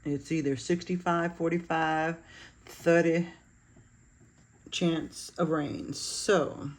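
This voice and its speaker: A woman's voice: low-pitched, fairly even intonation, takes it slowly. A woman chatting casually while decorating her planner, laughing at herself with self-deprecating humor. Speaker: planner vlogger.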